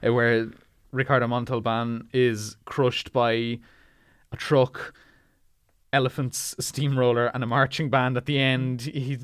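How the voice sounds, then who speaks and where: A man's voice: mid-range voice, little pitch movement, unhurried, smooth, no echo, clean studio sound. A man co-hosting a podcast, chatting casually and analytically about comedy films, often restarting his sentences. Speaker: podcast co-host. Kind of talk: casual film discussion.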